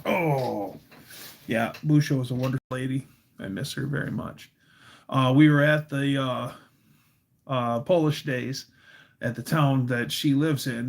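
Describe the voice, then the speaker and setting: A man's voice: mid-range voice, gravelly. A man hosting a casual livestream, telling a story in a rambling way full of fillers and restarts. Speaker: livestream host.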